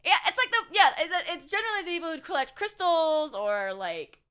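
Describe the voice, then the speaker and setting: A woman's voice: extremely high pitch, very animated, fairly quick, bright, forceful tone. A young woman streaming as a VTuber, chatting casually and bluntly with her chat, swearing and sarcastic, full of filler words.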